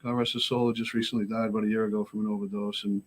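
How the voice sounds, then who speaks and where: A man from Lowell, Massachusetts, a podcast guest telling casual stories in an animated way, acting out the people in them and swearing freely. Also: racing. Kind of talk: casual storytelling.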